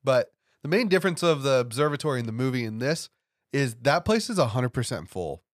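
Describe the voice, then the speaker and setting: A man co-hosting a podcast, chatting casually and explaining film references in a relaxed way. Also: mid-range voice, fairly quick, dry recording, studio quality. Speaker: podcast co-host.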